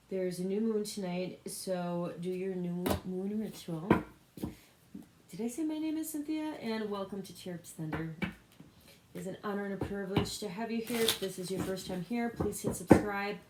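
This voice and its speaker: A woman giving a casual spiritual tarot reading, rambling with loose asides and self-interruptions. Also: mid-range voice. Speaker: tarot reader. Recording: echoey room with loud background noise. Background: card shuffling clicks.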